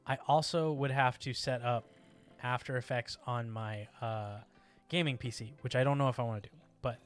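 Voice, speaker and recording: A man casually chatting while streaming a game, rambling and breaking into yelps and exclamations as things happen in play. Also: mid-range voice. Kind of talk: casual gameplay chat.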